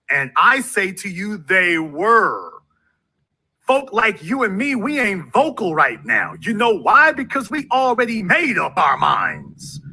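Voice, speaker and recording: Forceful high-voiced male talk-show host. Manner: forceful, repetitive preaching delivery. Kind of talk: call-in political talk show.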